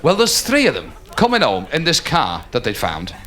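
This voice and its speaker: A man doing a live stand-up comedy routine, telling stories animatedly and dropping into quick put-on voices. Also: medium pitch, wildly swooping pitch, a bit bright. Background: audience laughter.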